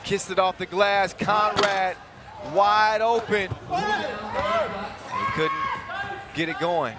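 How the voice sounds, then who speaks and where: A man calling a live basketball game, with quick, jokey, excitable play-by-play. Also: high voice, heavy background noise. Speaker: play-by-play commentator. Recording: loud crowd behind.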